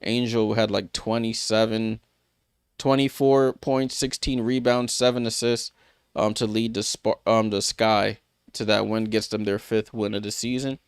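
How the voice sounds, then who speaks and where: This watchalong host's voice is on the low side, clear and resonant, with little pitch movement and a measured pace. In casual live-stream commentary, he recaps scores loosely with plenty of fillers and restarts and answers viewers by name. The audio is studio quality with no room sound.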